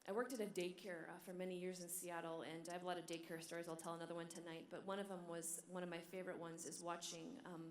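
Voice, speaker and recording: A religious sister giving a talk at a conference, telling stories with animated energy and dropping to a hushed whisper at tender moments. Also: female voice, fairly low pitch, fast, hardly any pauses, a little hiss or hum. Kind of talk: sermon. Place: large hall. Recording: echoey hall.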